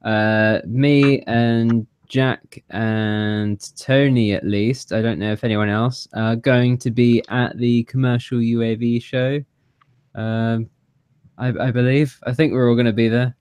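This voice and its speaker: A man's voice: medium pitch, fairly even intonation, takes it slowly, darkish tone, clear, resonant tone, dry recording. A man from London chatting casually on a podcast with dry humor. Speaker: podcast co-host.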